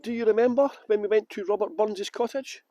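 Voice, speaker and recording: Wry tour leader, mellow voice. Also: male voice, high-pitched, fairly quick, dry recording. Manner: wry, self-deprecating, chatty. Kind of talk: casual vlog address to tour guests.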